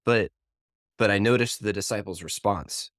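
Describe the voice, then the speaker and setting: A man's voice: deep voice, normal speed, no room sound, studio quality. A man co-hosting a podcast who reflects on a Bible passage in a thoughtful, searching way and sometimes hesitates. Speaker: podcast co-host. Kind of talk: conversational Bible discussion.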